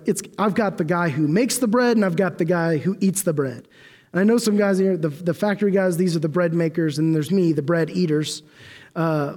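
A man's voice: fairly high pitch, dark tone. A young man preaching a sermon in a loose, conversational way, with many fillers and restarts. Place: church hall. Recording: long hall reverb.

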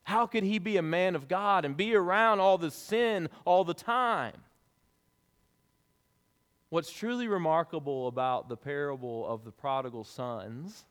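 A man preaching a sermon as pastor, in a lively, conversational way with casual asides, in a church sanctuary. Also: a little high. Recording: long reverb of a large hall.

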